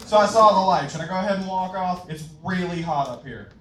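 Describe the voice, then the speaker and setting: A young Louisiana man with a Southern accent and a high voice does a crude, self-mocking open-mic stand-up set on a comedy club stage, talking a little fast, out of breath, and laughing at his own jokes. It's picked up from a distance in the echoey club, with a bit of hiss or hum.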